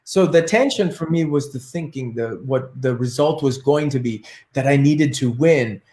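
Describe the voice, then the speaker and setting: A martial arts teacher telling a story in an interview, animated and acting out his inner thoughts. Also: medium pitch, moderate pace. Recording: echoey room.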